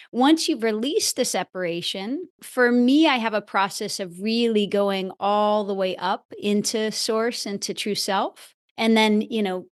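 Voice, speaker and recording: A woman speaking as a podcast guest in an interview, earnest and expressive, stretching key words as she talks about her teaching. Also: medium pitch. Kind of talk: reflective interview talk.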